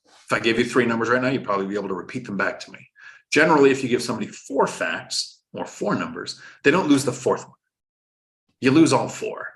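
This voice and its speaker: Hosting a live-stream finance talk, this man speaks at a medium pitch, fast and animated, with a fairly bright tone. He walks through things step by step in an instructive way, cracking jokes and reading viewer chat aloud.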